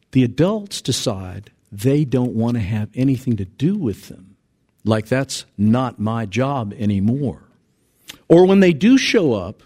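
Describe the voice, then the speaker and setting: A man preaching a sermon as pastor, animated and acting out quoted voices. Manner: animated, acts out quoted voices with big pitch jumps. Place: church sanctuary.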